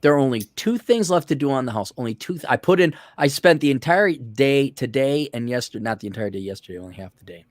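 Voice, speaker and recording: A man's voice: medium pitch, animated, fast talker, few pauses, no room sound. A man co-hosting a casual podcast, telling stories in a profane, ranting way and acting out the people he quotes. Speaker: podcast co-host.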